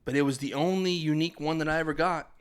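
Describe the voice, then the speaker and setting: A man's voice: on the high side, steady tone, quick pace, clear, resonant tone. A young man, a podcast host, telling a story in casual chat, laughing and acting out his family's voices.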